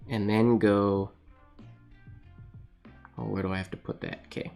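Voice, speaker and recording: A man's voice: lowish voice, steady tone, slow, creaky, pauses often, a little mellow, soft background music. A man hosting a live calligraphy stream, chatting casually and thinking aloud as he writes, laughing often and answering viewers. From Canada. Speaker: calligraphy livestream host. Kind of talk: casual chat while writing live.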